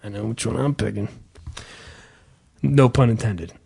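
A man's voice: lowish voice, a little slow, gravelly, darkish tone, slightly rough. A man telling a sarcastic, profanity-laced comedic story in casual podcast chat.

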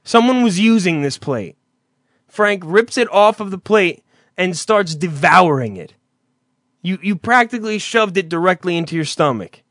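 A man hosting a podcast, teasing his cohost with profane, rambling stories and loud impressions. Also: high-pitched, lively intonation, moderate pace, no echo, clean studio sound. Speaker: podcast host. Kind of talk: casual profane banter.

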